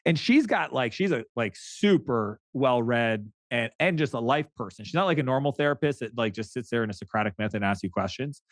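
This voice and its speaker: A man's voice: mid-range voice, a little fast, hardly any pauses, no echo. A middle-aged man from Canada, a podcast guest chatting casually, telling stories animatedly with frequent restarts. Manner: animated storyteller who acts out quoted dialogue, frequent restarts. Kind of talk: casual interview chat.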